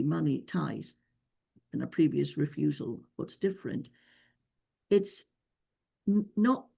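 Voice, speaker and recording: A visa expert with a noticeable non-local accent takes questions during a webinar Q&A on a video call, her advice earnest and emphatic. Her lowish voice is mellow and husky, with vocal fry.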